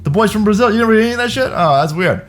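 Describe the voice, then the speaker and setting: A man's voice: sits high, animated, very fast, soft background music. A man hosting ranting, sarcastic commentary, mocking and swearing freely. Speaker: commentary host.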